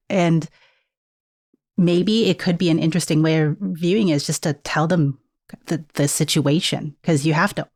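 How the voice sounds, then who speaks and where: A woman with a low voice hosts a podcast, speaking in a thoughtful, reflective way. She frames her ideas with military comparisons, and her voice sounds dry and close, with no room echo. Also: steady tone, normal speed, a little mellow. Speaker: podcast host. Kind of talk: casual podcast conversation.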